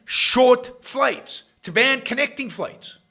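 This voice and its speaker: A middle-aged man hosting a political talk livestream, sarcastic and rambling, jumping between loud emphasis and quiet muttered asides. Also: very high voice, animated, slow, gravelly. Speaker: host of a political talk show. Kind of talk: livestream commentary.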